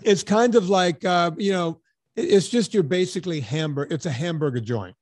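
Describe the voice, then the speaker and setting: A man's voice: sits high, a little fast, no echo, studio quality. A man hosting a podcast, telling a story in casual chat and acting out the dialogue, with some casual swearing. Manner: animated storyteller, acts out dialogue. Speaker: podcast host.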